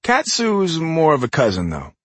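A man voicing a deadpan teenage girl. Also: on the high side, normal speed, no room sound, pitched above the performer's own voice, full character voice. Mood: dry teasing. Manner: deadpan, teasing. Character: teenage girl, dry and guarded.

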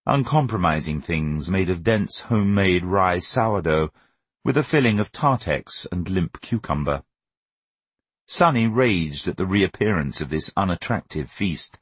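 A man reading a novel aloud as an audiobook narrator, with an expressive, wry storytelling manner. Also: deep voice, normal speed, breathy edge, no echo. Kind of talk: scripted narration.

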